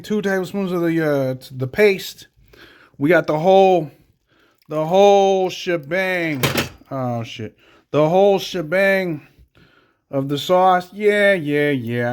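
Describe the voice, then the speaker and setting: A man's voice: mid-range voice, slight background noise. A man chatting casually while cooking at home, rambling and swearing, with joking asides to the camera. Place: home kitchen.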